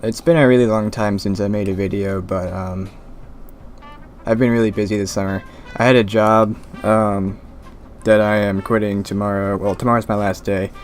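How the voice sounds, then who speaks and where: A young man rambling in a mumbling monotone about his summer job. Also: lowish voice, normal speed, slight background noise. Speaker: gaming vlogger. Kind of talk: rambling casual commentary over gameplay. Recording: faint music behind. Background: faint background music.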